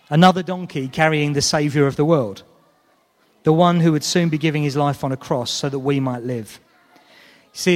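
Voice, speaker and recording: A man preaching a sermon in an earnest, conversational way, often checking in with his listeners. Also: a little high. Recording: long hall reverb.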